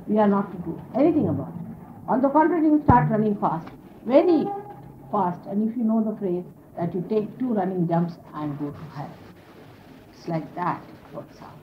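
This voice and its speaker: Woman teacher on muffled old archive tape. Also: medium pitch. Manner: conversational, explanatory, sprinkled with "you see". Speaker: spiritual teacher. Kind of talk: informal spiritual talk to followers. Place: indoor gathering. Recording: dull lo-fi 1970s archive tape with faint hiss.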